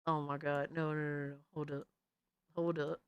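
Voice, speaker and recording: A woman streaming live, reacting to viewer videos with loud, exasperated, profane commentary and frequent shouts of disbelief. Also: deep voice, level tone, moderate pace, highs cut off, background noise. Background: music.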